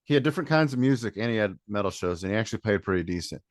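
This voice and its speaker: A man's voice: lowish voice, lively intonation, rapid-fire, no echo, studio quality. A man from Michigan, a band member guest, talking in a laid-back, rambling way in a casual interview.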